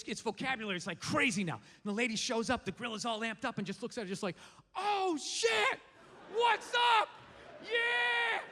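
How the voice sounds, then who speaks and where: A male stand-up comedian performing on a club stage, ranting loudly and swearing often. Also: sits high. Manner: profane, ranting, loud. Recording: live venue with reverb and audience.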